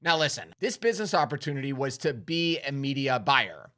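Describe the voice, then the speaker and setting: Bright-voiced man giving a persuasive business talk. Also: mid-range voice, sing-song, a little fast. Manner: emphatic, persuasive, asks the audience questions. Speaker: marketing coach. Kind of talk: direct-to-camera business talk.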